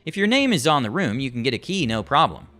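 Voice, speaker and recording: A man's voice: mid-range voice, very animated, fast talker, pushed and bright. A man voicing a firm polite desk clerk. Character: calm firm male hotel front desk supervisor.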